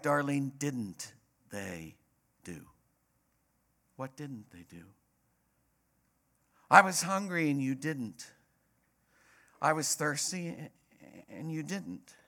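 A male pastor delivering a sermon, repeating key phrases for emphasis. His voice is bright and forceful, pitched a little high, and it climbs into passionate peaks. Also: creaky.

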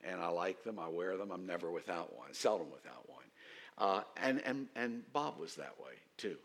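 A man preaching a sermon as pastor, telling stories and rising to loud, emphatic outbursts. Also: low-pitched, animated, moderate pace, vocal fry.

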